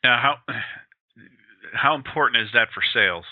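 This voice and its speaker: A man's voice: medium pitch, no room sound. A man from colorado hosting a radio interview, easygoing and chatty. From Colorado, USA. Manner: relaxed, conversational, halting storyteller. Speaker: radio host. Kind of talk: interview chat. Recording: tinny phone-line sound.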